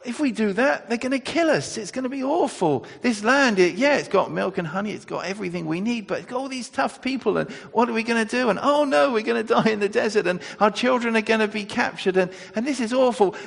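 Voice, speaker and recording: A man's voice: very high voice, expressive, fairly quick, vocal fry, hardly any pauses, a bit bright, pitched above the performer's own voice, exaggerated voice. A man voicing a frightened, complaining crowd of wandering Israelites in a whiny, rising wail. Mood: panicked. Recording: echoey hall.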